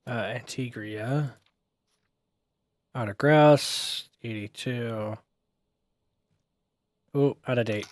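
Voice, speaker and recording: A man's voice: mid-range voice, extremely slow, long pauses, dry recording. A man streaming a game, giving casual, self-mocking commentary as he thinks aloud.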